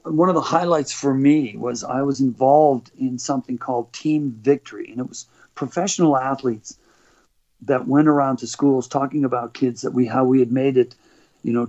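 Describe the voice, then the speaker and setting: A middle-aged Canadian man, a motivational speaker and former athlete appearing as a guest, tells stories conversationally at an average pitch. His anecdotes are rambling and animated, with frequent restarts and laughs, on dull lo-fi audio.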